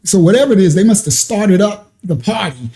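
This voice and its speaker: Middle-aged new guy spinning a story, high but mellow voice, lots of slang. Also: fairly quick. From New York. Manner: animated, slangy, laughing asides. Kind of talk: casual storytelling.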